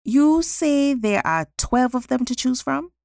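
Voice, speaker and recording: A man's voice: very high voice, expressive, a little slow, gravelly, no room sound, studio quality, voice pushed up, full character voice. A woman reading as a proud boastful judge. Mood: delighted. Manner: pompous, self-satisfied. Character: proud small-town male judge, boastful.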